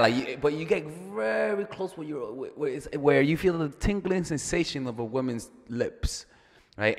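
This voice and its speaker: A man's voice: medium pitch, big-room sound. A man giving casual dating advice as a coach, chatty and profane, repeating words and joking as he goes.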